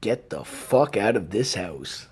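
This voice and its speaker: A man playing a blustering, patriotic podcast host in a comedy sketch, talking in a gruff, abrupt way with a gravelly voice. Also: on the low side, big pitch swings, slow pace, background noise, exaggerated voice.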